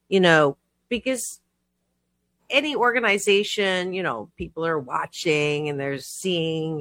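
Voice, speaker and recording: A woman's voice: lowish voice, pushed and bright, no echo. A woman hosting a show, chatting casually and teasing with sarcasm. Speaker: host. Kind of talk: casual chat.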